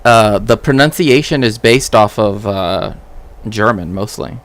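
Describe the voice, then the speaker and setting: A man's voice: on the low side, a little slow. A man streaming casual commentary as a cultural historian, rambling with frequent "right?" tags and restarts.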